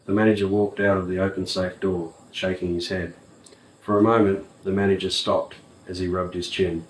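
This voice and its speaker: A man reading an audiobook in a plain, even way. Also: deep voice, moderate pace. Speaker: audiobook narrator. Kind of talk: audiobook narration. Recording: roomy, distant mic.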